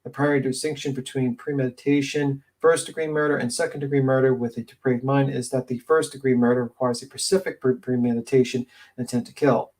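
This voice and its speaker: A man's voice: medium pitch, level tone, darkish tone, poor audio. Sniffly man reading out legal definitions. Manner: reads out legal definitions with halting restarts, swears casually. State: stuffed-up nose, sniffling. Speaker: panel host. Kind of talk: casual panel discussion.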